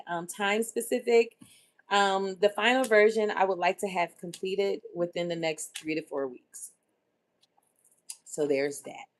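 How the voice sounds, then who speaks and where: A middle-aged woman hosts a live stream in a loose, chatty way, reading out viewers' comments and reacting openly. Her voice sits at an ordinary pitch for a woman, and her talk is emotional and personal. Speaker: livestream host. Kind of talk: casual livestream chat.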